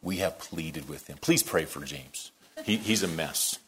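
A man preaching a sermon, telling a story that moves between quiet, hushed lines and loud, worked-up ones. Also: extremely low pitch, measured pace, slight background noise. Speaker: pastor.

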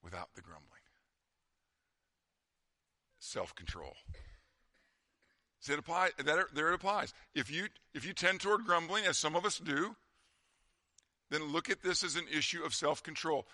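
A man preaching a sermon as pastor, talking conversationally and dropping to a quiet voice for emphasis. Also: fairly high pitch, animated, moderate pace, long pauses, no echo.

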